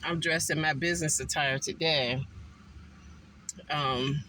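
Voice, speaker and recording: A man eating a meal in a car and chatting casually to his viewers, unhurried and full of ums. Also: a little high, steady tone, sharp tone, a little hiss or hum, rough recording. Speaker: food vlogger. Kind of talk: casual mukbang chat.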